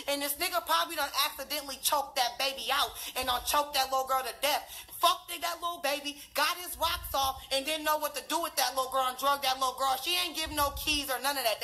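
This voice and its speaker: High, bright-voiced young woman ranting. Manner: profane, emphatic, repetitive. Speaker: friend telling her account. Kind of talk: heated storytelling rant.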